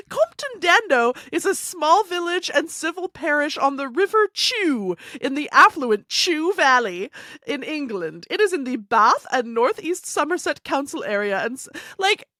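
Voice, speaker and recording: A podcast co-host, a woman with a high voice that swoops all over. She sounds bright and tense, laughs often, and stays animated. The sound is dry and close. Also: unhurried, dry recording. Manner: animated and laughing, plays clips for her co-host. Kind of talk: casual chat.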